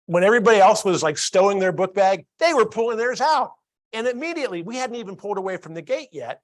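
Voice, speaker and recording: A man with a fairly high voice gives a training talk to a live audience. He tells a story and keeps turning to the crowd with questions. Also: animated, quick pace. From Columbus, Ohio. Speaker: workplace training speaker.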